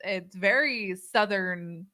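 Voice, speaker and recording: A woman from Florida co-hosting a casual chat, talking in an unhurried way and laughing often. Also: mid-range voice, pushed and bright. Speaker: co-host.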